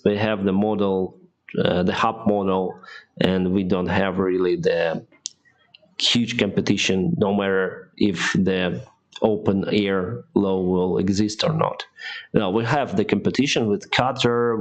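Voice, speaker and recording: A man, an airline pilot answering viewer questions on a live stream, speaking in halting, restarting English with frequent laughs. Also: low-pitched. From Ukraine.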